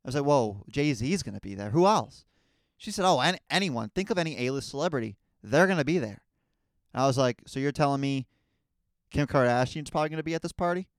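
A young man spins a comedic story for his podcast, tripping over his words and swearing freely. His voice is smooth and clear at a middle pitch. The recording is dry and close to the mic. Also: expressive, fairly quick, dry recording. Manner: rambling, stammering, profane. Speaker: podcast host.

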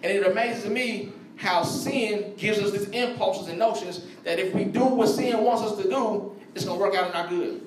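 A man's voice: high voice, moderate pace, a little hiss or hum. A man preaching a sermon in slangy, conversational speech, talking straight to his congregation. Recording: echoey room, voice from far off.

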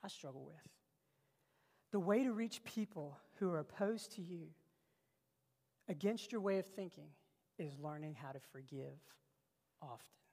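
A male preacher with a gravelly, creaky edge delivers a passionate sermon, jumping from loud bursts to near-hushed lines. His voice rings out with the long reverb of a large hall. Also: on the high side, a little slow, long pauses.

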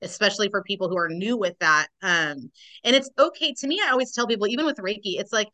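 A woman's voice: mid-range voice, fast, bright, forceful tone. A woman speaking as a podcast guest, a Reiki practitioner describing her work in an earnest, affirming way. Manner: earnest, affirming, spiritual wording. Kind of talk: casual conversation.

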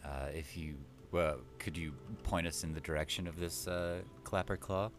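A man's voice: sits low, steady tone, moderate pace, soft background music. A man playing a tabletop game, who talks hesitantly and laughs often. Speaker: player. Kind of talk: casual play and chat.

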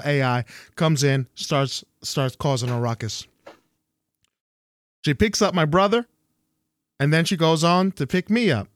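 A young man co-hosting a casual chat, telling a story with lots of restarts and jumping up in pitch whenever he quotes someone. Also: no room sound, clean studio sound. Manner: animated, jumps high when quoting people.

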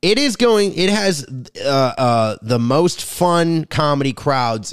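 A man's voice: fairly high pitch, lively intonation, takes it slowly, clear, resonant tone, no room sound, studio quality. A comedian rambling crudely through a casual podcast monologue, recorded in his garage. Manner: rambling, crude, self-interrupting. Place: home garage.

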